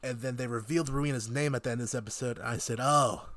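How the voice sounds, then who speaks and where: A man in a casual podcast chat, lively and quick to laugh as he reads out what he wrote down while watching. His voice sits at a middle pitch and the sound is dry and close. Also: no room sound. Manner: animated, reads out his notes in quotes, laughs often. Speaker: podcast co-host. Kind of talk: casual chat reviewing a TV season.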